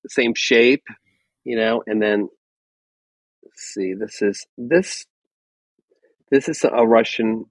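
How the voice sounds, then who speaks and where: A man, a podcast guest, telling relaxed anecdotes with small chuckles in casual chat. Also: on the low side, slow pace, pauses often, dry recording. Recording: dry, dull lo-fi sound.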